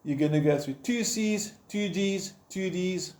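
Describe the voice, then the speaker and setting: Informal male guitar teacher, dark and mellow tone, slightly high voice, counts beats aloud, roomy echo. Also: measured pace. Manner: encouraging, informal. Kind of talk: step-by-step instruction. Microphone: camera framing the guitar.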